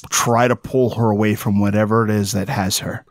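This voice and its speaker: A man narrating as game master of a tabletop horror game, slow and deliberate as he sets each scene. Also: fairly low pitch, steady tone, dry recording, studio quality.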